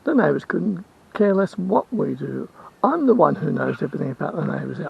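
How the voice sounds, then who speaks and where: A man's voice: fairly high pitch, very animated, a little fast, vocal fry, husky, highs cut off. A man with an Australian accent, rambling and complaining in a casual vlog rant, repeating himself as he goes. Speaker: vlogger and house sitter.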